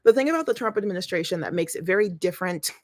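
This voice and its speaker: A woman's voice: on the low side, animated, racing, darkish tone, dry recording. A woman hosting a casual livestream from her family home, chatty and a bit short of breath, thinking aloud and restarting her sentences. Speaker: livestream host.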